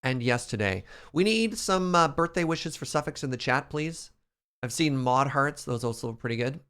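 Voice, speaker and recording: A man's voice: medium pitch, lively intonation, moderate pace, fairly bright tone, clean tone. A man casually commenting as he streams a building game, chatty and playful, talking to his chat.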